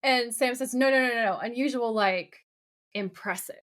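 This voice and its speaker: A woman's voice: fairly high pitch, normal speed. A woman co-hosting a podcast, recapping a TV episode in casual chat and acting out the characters' lines as she goes. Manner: animated retelling, quoting the characters' lines. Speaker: podcast co-host.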